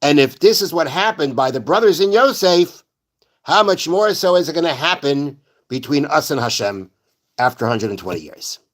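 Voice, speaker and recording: Male Torah class teacher, a bit high-pitched, builds his point through repeated questions. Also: expressive, moderate pace, a bit bright. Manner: explains step by step, repeating rhetorical questions; mixes Hebrew verse quotations into plain talk. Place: synagogue study hall.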